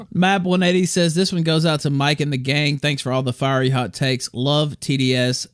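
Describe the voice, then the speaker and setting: A man's voice: fairly high pitch, fairly even intonation, normal speed, no room sound, clean studio sound. A man hosting a livestream, chatting casually and reading out viewer messages. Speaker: livestream host. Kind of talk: casual livestream chat, reading donations aloud.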